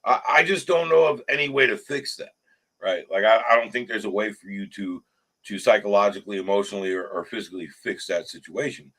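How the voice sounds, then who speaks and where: A man's voice: lowish voice, fairly quick, rough recording. A man hosting a casual recovery group chat, talking earnestly with stumbling restarts. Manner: earnest, stumbling restarts, rises sharply when animated. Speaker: show host.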